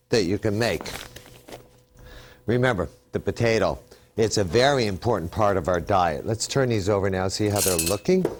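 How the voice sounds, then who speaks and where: A man's voice: on the low side, a little hiss or hum. A man hosting a TV cooking demonstration, upbeat and chatty, explaining each step as he works. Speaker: cooking show host.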